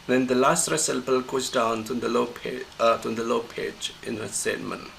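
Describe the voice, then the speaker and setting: Gravelly man teaching pronunciation. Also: medium pitch, fairly even intonation, a bit bright, slight background noise, rough recording. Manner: halting, many fillers and restarts. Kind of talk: screen-recorded lecture.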